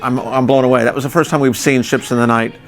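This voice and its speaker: A man's voice: medium pitch, fairly even intonation, quick pace, faint music behind. A man vlogging aboard a cruise ship, chatty and upbeat, talking straight to viewers as folks. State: out of breath. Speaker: travel vlogger. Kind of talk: casual vlog chat.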